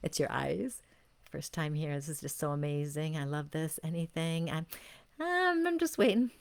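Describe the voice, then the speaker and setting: A woman with a slightly low voice hosts a live soul reading. She gushes over her viewers, repeating her praise. When she tunes in, her phrases stretch out slowly. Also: flat delivery, vocal fry, a little mellow, clear, resonant tone. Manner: effusive and gushing, repeating praise; slow, drawn-out phrases while sensing. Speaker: intuitive reader and show host.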